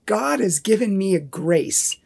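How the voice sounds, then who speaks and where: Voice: medium pitch, animated, a little slow, gravelly, a little mellow, husky. Earnest Catholic speaker, emphatic repeats. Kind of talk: personal testimony talk.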